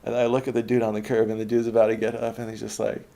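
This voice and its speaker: A man's voice: mid-range voice, completely flat delivery, quick pace, creaky, warm tone. A young man telling a rambling, profane personal story in a laid-back, meandering way. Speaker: autobiographical podcaster.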